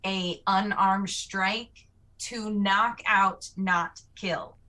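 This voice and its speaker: A woman player explaining her moves in a tabletop game in a plain, deliberate way. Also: medium pitch, steady tone, bright, forceful tone. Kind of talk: casual game talk.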